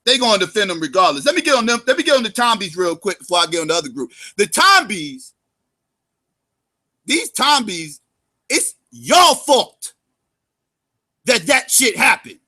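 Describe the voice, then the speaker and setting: Male vlog commentator with a strikingly high voice, cursing constantly and talking straight to his viewers as family. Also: big pitch swings, brisk. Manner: swings between loud outbursts and low mutters. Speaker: YouTube commentator. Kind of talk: profane storytelling commentary.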